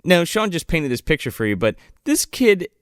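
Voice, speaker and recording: A man riffing through a bad movie with friends, cursing casually and slipping into mock voices to retell scenes. His voice sits a little high and swings widely in pitch. The sound is close and dry. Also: big pitch swings, moderate pace, smooth, dry recording. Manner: profane, joking, acts out scenes in silly voices. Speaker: podcast co-host. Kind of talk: casual movie review chat.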